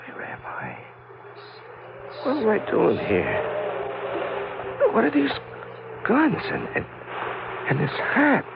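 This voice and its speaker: A stammering, bewildered drunk hobo. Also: male voice, high-pitched, huge pitch swings, slow pace, gravelly, long pauses, heavy background noise, full character voice. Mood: confused. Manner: stammering, confused, repeats words. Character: bewildered drunk hobo man, meek and rambling. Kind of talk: 1970s radio drama acting. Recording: phone-like old radio recording with music.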